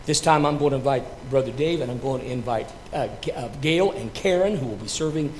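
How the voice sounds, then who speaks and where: A man, a pastor, telling a story dramatically before leading communion, swinging between loud and hushed delivery. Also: medium pitch, fairly quick, a little hiss or hum.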